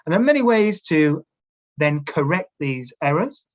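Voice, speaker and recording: A man with a fairly high voice and big pitch swings speaks at normal speed while leading a teacher-training webinar through a video call camera. On lo-fi audio, he coaches participants with instructions and repeatedly checks in with "all right?"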